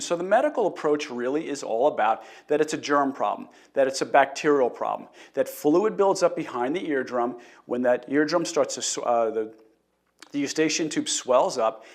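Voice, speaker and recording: A middle-aged man hosting a live health talk, telling a patient story in an earnest way and greeting viewers. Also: a little high. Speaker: chiropractor host.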